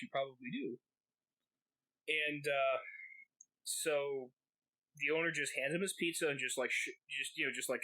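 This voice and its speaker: A man's voice: mid-range voice, pushed and bright, poor audio. A man co-hosting a podcast, telling a rambling, profane story full of fillers. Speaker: podcast co-host. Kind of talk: casual storytelling.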